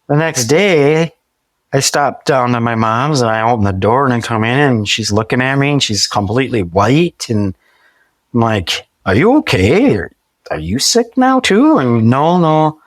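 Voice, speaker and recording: A man's voice: mid-range voice, expressive, normal speed, dry recording. Podcast guest, male, forties; chatty storyteller, restarts a lot, animates quoted lines, dry recording. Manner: acts out quoted dialogue vividly; frequent restarts and repeated words. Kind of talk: conversational storytelling.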